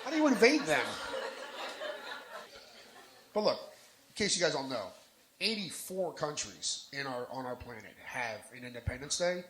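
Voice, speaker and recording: A man's voice: a little high, big pitch swings, moderate pace, pauses often, a bit bright. A man from New Jersey doing a live stand-up set on a bar lounge stage, brash and profane, working the crowd into his punchlines. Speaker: stand-up comedian. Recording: roomy bar with crowd noise.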